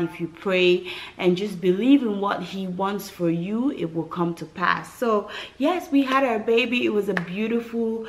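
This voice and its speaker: Woman vlogger, young adult, from West Africa, animated storytelling, emphatic, middle pitch. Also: a little hiss or hum. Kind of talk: personal storytelling to camera.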